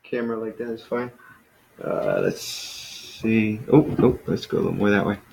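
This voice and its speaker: A man teaching a Greek class in a relaxed, hesitant way, with many fillers. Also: fairly low pitch, moderate pace, vocal fry, roomy sound, rough recording.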